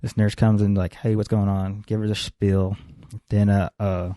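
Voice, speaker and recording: A man's voice: fairly low pitch, flat delivery, normal speed, mellow, no echo, clean studio sound. A young man co-hosting a podcast, telling a long story in a casual, profane way. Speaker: podcast co-host.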